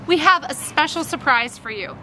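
Breezy reassuring mother read by a woman, bright high voice, audiobook. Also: lively intonation, moderate pace, a little hiss or hum, heavily acted. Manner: breezy, reassuring, gently firm. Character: upbeat easygoing mother, middle-aged woman. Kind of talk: audiobook reading.

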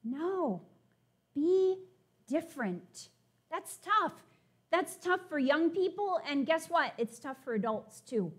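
A woman preaching a sermon, animated as she paraphrases and reads scripture to her congregation. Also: high-pitched.

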